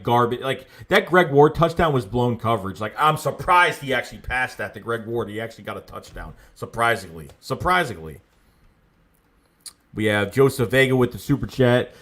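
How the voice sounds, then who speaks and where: Young male livestream host, lowish voice, excitable and emphatic, riffing on viewer chat. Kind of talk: casual sports livestream, reading viewer chat.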